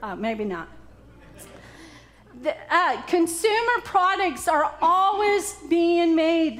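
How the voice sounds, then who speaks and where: High-voiced, unhurried woman preacher. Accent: Southern US. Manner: joking, interactive with congregation. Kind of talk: conversational sermon.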